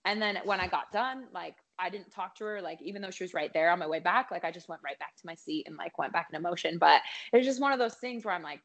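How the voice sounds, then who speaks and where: A woman's voice: lowish voice, fast talker, hardly any pauses, highs cut off. A woman, a singer guest on a podcast, telling a long story in casual chat with many fillers. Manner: chatty, lots of fillers and likes.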